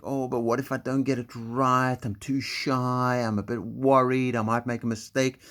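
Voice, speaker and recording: A man leading a recorded school assembly, talking gently and encouragingly in simple words to young children. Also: on the low side.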